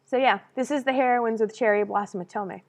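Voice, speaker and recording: A woman co-hosting a casual stream. She rambles in an animated way, swears freely and laughs often. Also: a little high, quick pace. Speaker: streamer co-host.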